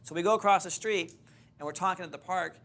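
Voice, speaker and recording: A man's voice: high voice, quick pace. A man teaching a real estate course, telling a story to a seminar audience and acting out the dialogue as he goes. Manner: animated storyteller, acts out quoted dialogue.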